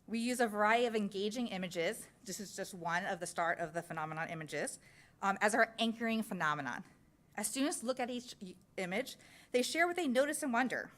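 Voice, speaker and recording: A woman's voice: medium pitch, lively intonation, brisk, a bit bright. A woman presenting a science curriculum at a school board meeting, walking through slides step by step in an explanatory way. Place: public meeting room.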